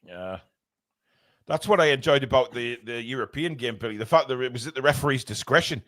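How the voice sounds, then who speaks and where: A man commentating live on a match for fans, excitable, shouting when play heats up and swearing in jokey banter. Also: medium pitch, a little fast. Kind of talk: fan watchalong commentary.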